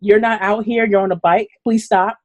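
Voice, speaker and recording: A woman's voice: medium pitch, normal speed. A woman from Brooklyn, a guest on a live video chat, telling stories casually and acting out quoted lines with laughs. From Brooklyn, New York. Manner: animated, laughing, acts out quotes. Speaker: guest runner.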